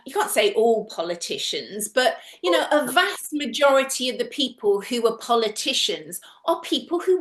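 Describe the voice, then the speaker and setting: A woman with a high voice tells a story chattily, her pitch swooping up and down. She often adds "you know", and her voice rings in an echoey room. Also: fairly bright tone. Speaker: conference speaker. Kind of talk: conversational talk.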